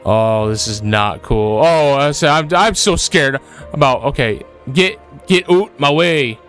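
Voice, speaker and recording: A man's voice: mid-range voice, lively intonation, a little slow, fairly bright tone, soft background music. A man commenting as he plays a horror game, jittery and repeating himself, breaking into frightened yelps. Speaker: gaming video creator.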